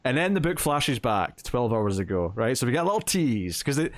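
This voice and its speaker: A man's voice: medium pitch, big pitch swings, fairly quick, dry recording. Chatty man recapping a comic on a dry mic. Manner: chatty, retelling plot with quoted lines and filler. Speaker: podcast co-host. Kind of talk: casual comic book review chat.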